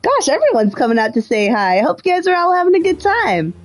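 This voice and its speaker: A woman's voice: extremely high pitch, very animated, quick pace. Woman, streaming a game, chatty, swears, faint game music behind. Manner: thinking aloud, chatty, swears freely. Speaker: livestreamer. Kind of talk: casual gameplay commentary.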